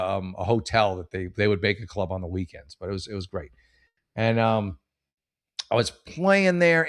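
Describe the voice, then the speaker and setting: A middle-aged man, a stand-up comedian, telling a rambling, profane, self-mocking story in casual chat. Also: mid-range voice. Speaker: comedian hosting a podcast.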